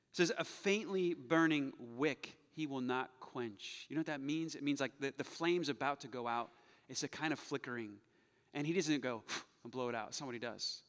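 A man preaching a sermon as a pastor, animated and jokey, swinging between loud excited bursts and quiet, hushed passages. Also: medium pitch, big-room sound.

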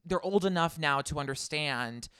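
A man's voice: fairly high pitch, moderate pace, pushed and bright, clean tone, no echo, studio quality. A man co-hosting a podcast in casual chat, emphatic and opinionated, often repeating a point for weight. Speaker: podcast co-host.

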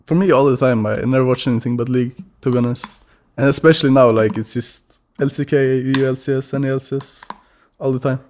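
Chill gamer dude, laid back podcast guest. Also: male voice, mid-range voice, steady tone, fast talker, hardly any pauses, a little mellow, slight background noise. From Sweden. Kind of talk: casual interview chat.

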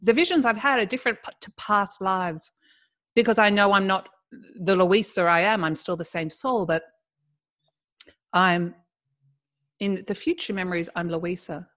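Middle-aged woman guest, animated storyteller who laughs through her tale. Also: medium pitch, moderate pace, pauses often. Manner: animated, laughs while telling. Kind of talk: storytelling in casual conversation.

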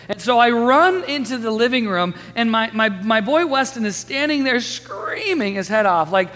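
A man in his thirties, a pastor preaching a sermon in a lively, storytelling way, chatting with the congregation. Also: very high-pitched, normal speed, hardly any pauses. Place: church sanctuary. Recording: long hall reverb.

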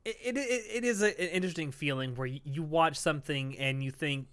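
A man's voice: fairly high pitch, a little fast, fairly bright tone. A young man hosting a casual podcast, joking and laughing with his co-hosts. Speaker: podcast host.

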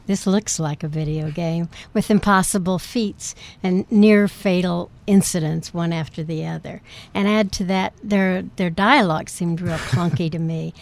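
A woman's voice: lowish voice, creaky. A woman film critic in a casual chat, giving frank, critical opinions.

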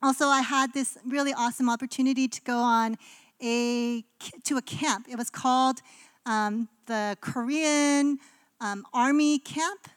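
A woman's voice: sits high, steady tone, a little slow, clear, resonant tone, no room sound. A woman pastor from Canada giving a conversational sermon in a casual, chatty way, with frequent ums and likes.

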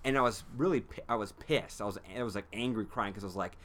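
Male guest, bright tone, casual chat, emotional storyteller. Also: on the low side, fast. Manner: emotional storytelling, acts out his own past outbursts. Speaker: guest, ultrarunner in a film.

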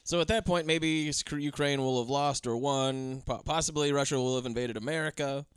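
A man co-hosting a podcast in a casual, comedic chat, sarcastic and quick to laugh. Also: medium pitch, clear, resonant tone, dry recording, clean studio sound. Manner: joking, sarcastic, laughs often. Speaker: podcast co-host.

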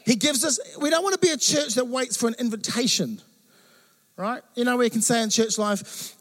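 A man with a remarkably high voice delivers a sermon as the pastor. He tells stories with animated, acted-out quotes and jokes. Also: brisk.

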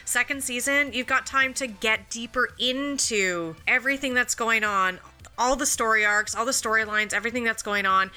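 Casting: woman, thirties, very bright and fairly high voice, gushing and profane casual co-host, faint music underneath. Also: fairly even intonation, normal speed. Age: 30s. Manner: enthusiastic, profane, lots of filler likes. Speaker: podcast co-host. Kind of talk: casual chat.

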